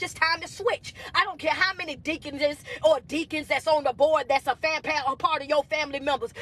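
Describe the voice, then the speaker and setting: High-voiced woman preaching motivation. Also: sharp tone. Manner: preachy, repetitive, call-and-response, calls viewers baby. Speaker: motivational speaker. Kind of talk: livestream motivational talk.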